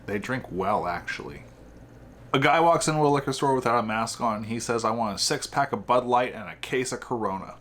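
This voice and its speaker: A man hosting a podcast, telling jokes in a dry, deadpan way. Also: medium pitch. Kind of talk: casual joke telling.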